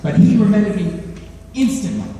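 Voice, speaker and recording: Teenage boy, high-voiced stand-up comic, animated delivery; far-off recording in a reverberant hall. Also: moderate pace. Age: teens. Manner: animated, acts out characters with voice changes. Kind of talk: stand-up comedy routine. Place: school hall at a talent show.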